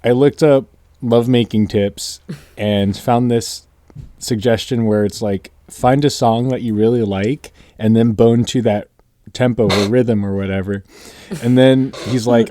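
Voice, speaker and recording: A man's voice: medium pitch, steady tone, a little slow, mellow, a little hiss or hum. A man co-hosting a podcast in casual chat, rambling through stories with giggles. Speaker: podcast co-host.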